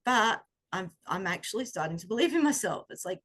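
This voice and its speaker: A middle-aged woman coach giving a reflective talk on intuition, gentle and conversational, often pausing to search for words. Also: medium pitch, lively intonation. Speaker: self-growth coach.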